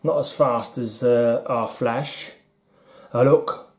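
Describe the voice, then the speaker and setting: A man's voice: medium pitch, steady tone, takes it slowly, a little mellow. A middle-aged man with a British accent chatting casually and rambling while flipping through his comics, often self-deprecating and chuckling. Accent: British English. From United Kingdom. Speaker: comic collector vlogger.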